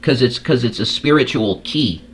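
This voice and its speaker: A man's voice: mid-range voice, lively intonation, moderate pace, slight background noise. A man hosting a casual reaction show, talking crudely and rambling, repeating words as he goes. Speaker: host.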